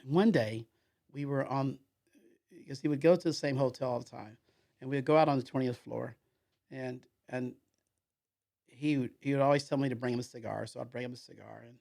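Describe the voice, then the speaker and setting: A man sits as a guest on a casual podcast and tells a long personal story. His voice is gravelly, and his pitch sits in an ordinary middle range. He rambles, repeating fillers and restarting his sentences as he goes. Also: darkish tone.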